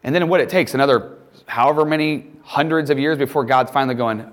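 A man preaching a casual, conversational sermon in an emphatic, animated way. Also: medium pitch, quick pace.

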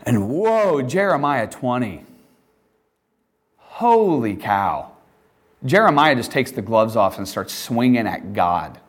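A man preaching a casual, conversational sermon in an emphatic, animated way. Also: medium pitch, takes it slowly, long pauses.

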